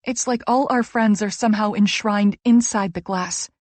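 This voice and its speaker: A woman's voice: medium pitch, normal speed, a little mellow, no room sound. A woman reading a romance audiobook in an earnest, emotional first-person voice. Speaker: audiobook narrator.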